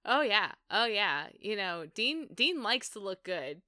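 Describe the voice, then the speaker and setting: Bright, crisp-voiced woman chatting. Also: medium pitch, measured pace, no room sound, clean studio sound. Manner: animated, enthusiastic, jokey. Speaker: podcast co-host. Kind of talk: casual chat about a TV show.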